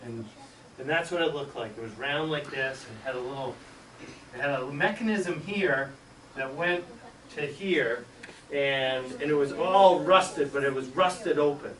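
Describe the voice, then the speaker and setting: A middle-aged man, a school superintendent, telling a childhood story in an animated way, acting out voices and sound effects. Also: medium pitch, unhurried. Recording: echoey room, distant mic, faint hiss.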